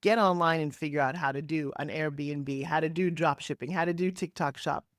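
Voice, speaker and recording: A woman in her sixties, a podcast guest talking over a video call, telling her story in an energetic, emphatic way with big swoops in pitch. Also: moderate pace, dry recording, clean studio sound. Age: 60s. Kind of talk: animated interview storytelling. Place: home office, Florida.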